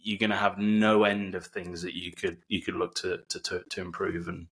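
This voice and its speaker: A man hosting a podcast, speaking slowly and in a monotone in a casual interview. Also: low voice. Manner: slow and monotone. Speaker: podcast host.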